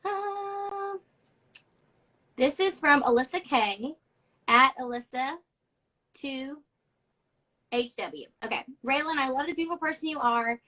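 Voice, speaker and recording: A woman's voice: high voice, animated, slow pace, long pauses, pushed and bright, rough recording. A young woman hosting a casual live stream, reading fan notes aloud in a chatty, effusive way. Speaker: host of a live social media show.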